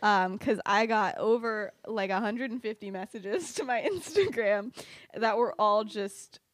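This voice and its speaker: A woman's voice: mid-range voice, unhurried, no echo, clean studio sound. A young woman hosting a podcast, casually retelling a story in a rambling, giggly way full of "like"s and restarts. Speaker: podcast host.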